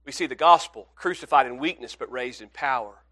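A man preaching a sermon to his congregation, earnest, swinging from loud emphatic passages to hushed, pleading ones. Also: mid-range voice, fairly quick. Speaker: pastor.

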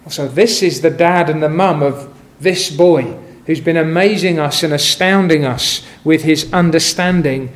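A middle-aged man preaching a sermon, measured and emphatic, quoting scripture as he builds his points. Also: sits high.

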